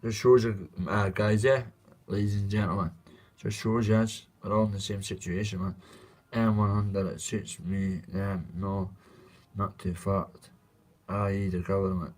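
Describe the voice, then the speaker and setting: A Scottish man with a fairly low voice, talking off the cuff on a live stream. He is blunt and candid, swears freely and speaks warmly to his viewers. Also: little pitch movement, a little slow. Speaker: livestreamer reading chat. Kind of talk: casual live-stream chat.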